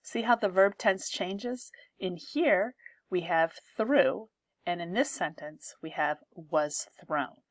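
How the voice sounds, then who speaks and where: Slow, careful woman teaching grammar. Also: on the low side, no echo, studio quality. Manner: slow, careful explaining, reading example sentences aloud. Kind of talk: grammar lesson.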